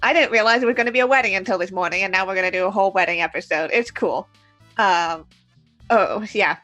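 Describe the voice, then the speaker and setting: A woman, the game master of a tabletop game stream, chatting quickly and laughing, swearing casually. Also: mid-range voice, a bit bright, no room sound, soft background music. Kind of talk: casual wrap-up chat.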